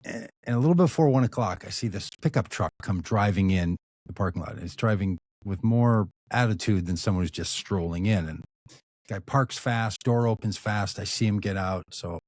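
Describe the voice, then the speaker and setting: A man, an activist and author, telling a relaxed anecdotal story as a podcast guest, trailing off into low asides. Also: moderate pace, no echo. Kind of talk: storytelling in conversation.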